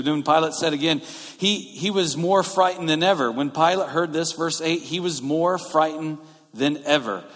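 A man's voice: on the high side, a bit bright. A male pastor preaching a sermon in a conversational way, explaining scripture verse by verse. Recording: long reverb of a large hall.

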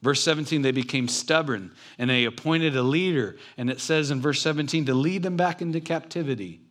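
A man's voice: fairly high pitch, a little fast, fairly bright tone. A man preaching a sermon in a church, talking in a conversational, joking way with his congregation. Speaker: pastor. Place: church building.

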